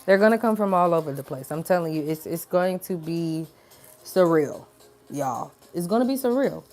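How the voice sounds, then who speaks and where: A woman's voice: fairly low pitch, animated, normal speed, a little mellow, faint music behind. A woman giving a casual spiritual pep talk to her viewers, chatty and colloquial, calling them y'all. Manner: acts out voices in quoted dialogue. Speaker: spiritual message creator.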